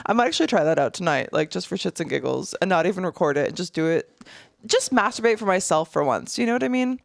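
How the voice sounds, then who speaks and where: A woman's voice: medium pitch, gravelly, no echo, clean studio sound. A woman in her thirties hosting a solo podcast, chatting and laughing to herself as she unboxes products in a small room. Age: 30s. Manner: giggly, animated, talks to herself. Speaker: podcast host.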